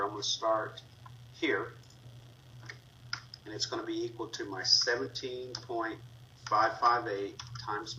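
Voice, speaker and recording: A man with a lowish, very bright voice walks through a spreadsheet lesson step by step, filling pauses with "uh" as he clicks. He sounds a little distant from the mic, with faint noise and keyboard typing behind him. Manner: talks through steps as he clicks, with fillers. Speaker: instructor. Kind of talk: screen-recorded spreadsheet tutorial.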